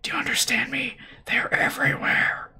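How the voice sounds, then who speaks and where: A desperate young man whose mouth has been taken over by a parasite, as a man acts him out in a storybook reading. He hisses in a strained, choking whisper, high and breathy, pressing each word out through his throat. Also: little pitch movement, normal speed, pushed and bright, heavily acted.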